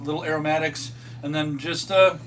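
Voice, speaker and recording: A man's voice: on the high side, steady tone, fairly quick, fairly bright tone. A man co-hosting a casual cooking stream, explaining the recipe in an easygoing way. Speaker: home cook, co-host. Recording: slightly distant mic with faint hum.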